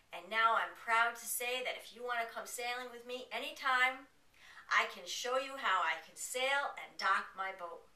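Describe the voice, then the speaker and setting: A woman in her forties tells a personal story to an audience, lively and dramatic, slipping into the voices of the people she recounts. Her voice is bright and forceful. She sounds a little distant from the mic in a roomy hall. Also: fairly high pitch, normal speed. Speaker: periodontist telling a personal story.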